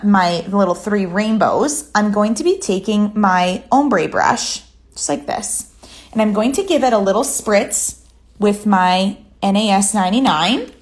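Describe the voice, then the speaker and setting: Chatty woman teaching nail art. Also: medium pitch. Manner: relaxed, chatty, step-by-step explaining. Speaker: nail artist.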